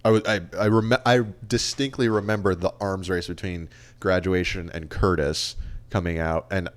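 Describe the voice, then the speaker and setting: A man's voice: low voice, steady tone, moderate pace. A man in his late twenties co-hosting a podcast, chatting casually and reading out album stats and review quotes. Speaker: podcast co-host. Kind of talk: casual chat.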